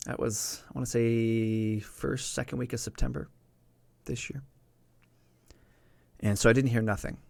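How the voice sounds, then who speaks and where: An earnest man tells a personal story straight into a close microphone, with a mid-range voice of ordinary pitch. The sound is dry, with no room around it. He leans on repeated words to press his points home. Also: steady tone, a little slow, gravelly, long pauses, darkish tone, no echo. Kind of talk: personal storytelling on a live stream.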